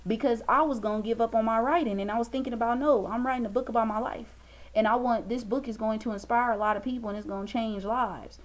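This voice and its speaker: A young woman talking casually to her viewers in a motivational monologue, chatty and expressive, calling them "baby" and "y'all". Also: fairly high pitch. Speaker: vlogger.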